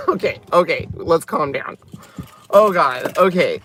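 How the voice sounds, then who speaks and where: A man hosting a crafting channel, chatting excitably and breaking into giggles while opening gifts in his car. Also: fairly high pitch, a little slow, a little hiss or hum. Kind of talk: casual unboxing vlog. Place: inside a parked car.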